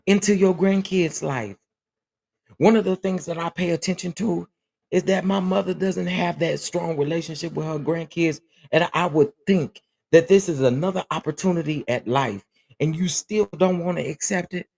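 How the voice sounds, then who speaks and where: A man's voice: on the high side, vocal fry, darkish tone, slightly rough. A man hosting a casual livestream chat, talking earnestly and emotionally, often repeating himself as he answers viewers. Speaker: livestream host.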